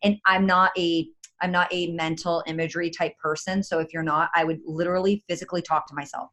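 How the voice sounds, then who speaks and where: A woman giving an energetic, chatty motivational talk as a guest on a video call, with many fillers. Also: lowish voice, brisk. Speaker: guest speaker.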